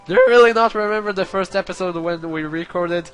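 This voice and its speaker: A young man hosting a multiplayer game session, loud, excitable and profane. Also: high voice, brisk, soft background music. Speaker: gaming channel host. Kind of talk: casual gameplay commentary.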